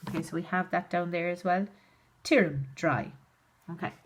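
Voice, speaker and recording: A woman's voice: lowish voice, moderate pace, slight background noise. A woman, a primary school teacher reading a story aloud and explaining each phrase in plain terms. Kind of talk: reading and translating a story for pupils.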